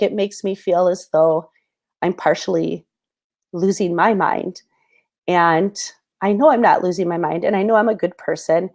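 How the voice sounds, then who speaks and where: A woman in her thirties talks straight to her viewers in an earnest, halting way, full of fillers and restarts. Her voice sits a little low, and she sounds close to tears. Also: a little mellow. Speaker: host. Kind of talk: personal talk to camera.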